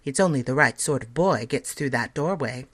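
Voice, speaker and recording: A woman's voice: rumbling low, lively intonation, normal speed, a bit bright, full character voice. Woman doing a courteous showman shopkeeper. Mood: affable. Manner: courteous, smooth and showy. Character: polite, affable male magic-shop conjurer. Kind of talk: storybook reading.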